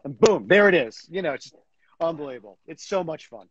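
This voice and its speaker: A man chatting as a guest in an interview, animated and full of fillers and restarts. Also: on the high side, quick pace, no room sound, muffled recording. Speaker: guest, comic book writer. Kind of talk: casual interview chat.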